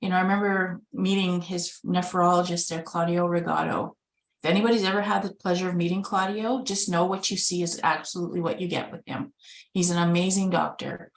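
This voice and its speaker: A woman's voice: fairly low pitch, fairly even intonation, fairly quick, gravelly. A woman from Winnipeg, Canada, a caregiver and organ donation advocate, telling her own story over a video call in an earnest, conversational way and acting out remembered dialogue. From Winnipeg, Manitoba, Canada. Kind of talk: personal storytelling in a webinar. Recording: echoey room.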